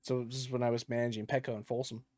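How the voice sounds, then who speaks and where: A man's voice: mid-range voice, fast talker, no room sound, studio quality. A man telling stories in a casual podcast, swearing a lot and laughing often. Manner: profane, animated storyteller who laughs often. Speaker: podcast co-host.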